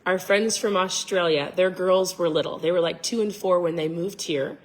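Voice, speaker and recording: A woman's voice: fairly low pitch, steady tone, moderate pace, low-quality recording. A middle-aged woman with a Minnesota accent, co-hosting a casual chat about faith and money. She is chatty, laughs often and loses her train of thought. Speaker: podcast co-host.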